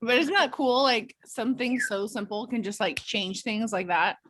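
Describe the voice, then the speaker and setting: A woman's voice: a little high, slight background noise. Chatty woman instructor on a video call. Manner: chatty and animated, quick asides. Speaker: clinical instructor. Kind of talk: casual group check-in on a video call.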